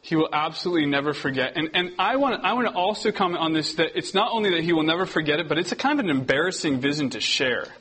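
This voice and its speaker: A young man giving a casual, conversational sermon, often restarting his sentences and getting animated as he tells stories. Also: a little high, quick pace, hardly any pauses, slightly rough, rough recording. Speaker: preacher. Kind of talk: casual sermon to a youth group.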